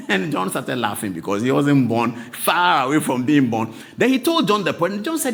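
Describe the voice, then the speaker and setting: A man's voice: high-pitched, big pitch swings, normal speed. A man in his forties with a Ghanaian accent, telling a story as a host, often laughing and stumbling over repeated words. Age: 40s. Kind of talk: animated storytelling monologue.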